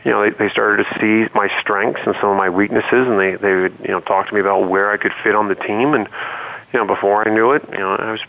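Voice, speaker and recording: A middle-aged man from the Cleveland area, an interview guest telling relaxed, rambling stories with many fillers. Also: on the low side, fast, creaky. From Cleveland, Ohio area. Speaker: interview guest, former pro basketball player. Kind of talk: storytelling in conversation. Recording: tinny phone-line sound.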